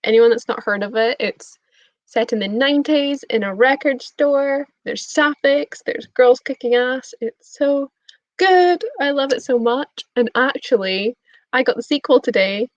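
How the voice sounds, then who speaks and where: A woman's voice: sits high, normal speed, dry recording. Giggly woman chatting on a stream. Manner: bubbly, giggly, reading out chat messages. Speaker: booktube streamer. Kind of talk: casual live-stream chat. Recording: dull lo-fi stream audio.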